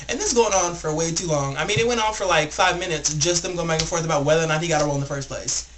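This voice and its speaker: A young man vlogging a rambling, animated story, packed with filler words. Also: on the high side, fast, few pauses, a little hiss or hum. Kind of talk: casual storytelling vlog.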